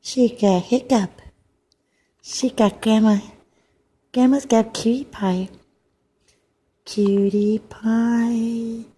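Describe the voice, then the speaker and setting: Older woman, grandmother; slow, husky baby talk for a home video, soft and doting. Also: a little high, fairly even intonation. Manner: soft cooing baby talk, fond and repetitive. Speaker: grandmother filming her newborn granddaughter.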